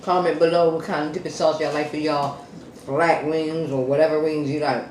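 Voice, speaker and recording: A man eating on camera, talking casually to viewers between bites and humming contentedly. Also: a little high. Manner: slow, relaxed, lots of contented hums between bites. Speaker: mukbang eating vlogger. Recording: echoey room with faint background noise.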